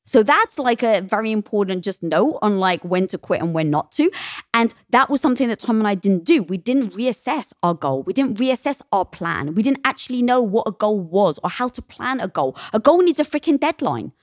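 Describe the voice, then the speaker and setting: Emphatic, animated woman on a podcast. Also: medium pitch, moderate pace, dry recording, studio quality. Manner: emphatic and animated, acts out quoted voices. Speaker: podcast guest, entrepreneur. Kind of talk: candid interview talk.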